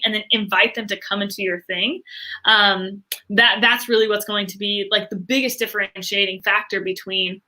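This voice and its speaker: Bright, animated businesswoman guest. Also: medium pitch, a little fast. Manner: animated, many fillers, acts out quoted reactions. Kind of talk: enthusiastic interview talk.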